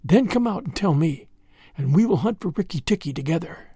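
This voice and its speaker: A cold queen cobra who plots slowly and gives orders with calm command, as a man reading the story puts her on. The voice sits high with lively, gliding turns and a gravelly edge. It is a dry, close reading. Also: dry recording. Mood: scheming.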